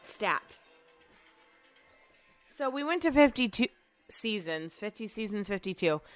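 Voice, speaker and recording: A woman's voice: medium pitch, expressive, measured pace, no room sound, soft background music. A woman chatting casually at home as a vlog host, sarcastic and swearing freely. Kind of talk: casual chat.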